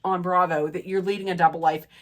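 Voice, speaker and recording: A woman vlogger recaps and rants about a reality TV episode in a rambling, casual way, full of fillers and restarts. Her low voice is nasal and stuffy from draining sinuses, and she talks fast in a steady tone.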